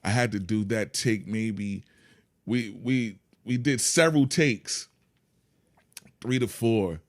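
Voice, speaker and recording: A man's voice: fairly low pitch, slow. Laid-back man chatting as a guest. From Yonkers, New York. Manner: laid-back, calm, peppered with "man" and "you know what I mean". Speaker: podcast guest, artist. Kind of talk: casual interview chat.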